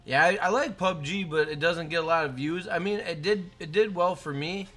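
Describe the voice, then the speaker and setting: A man's voice: on the high side, moderate pace. A young man live-streaming a game, chatting casually and hyping up his chat by name. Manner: hyped, shouts out chat names.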